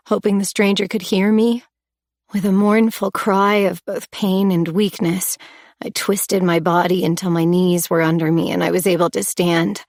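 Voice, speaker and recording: A woman's voice: fairly low pitch, level tone, a little slow, a little mellow, no echo, clean studio sound. A woman reading a first-person story aloud with emotional, tense delivery. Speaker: audiobook narrator. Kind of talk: first-person audiobook narration.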